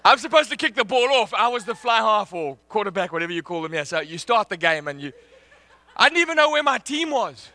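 A man preaching a sermon, telling a personal story in an animated way and laughing often. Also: high voice, fairly quick.

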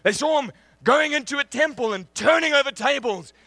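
A man preaching a sermon, telling a personal story in an animated way and laughing often. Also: extremely high pitch, a little fast, dry recording.

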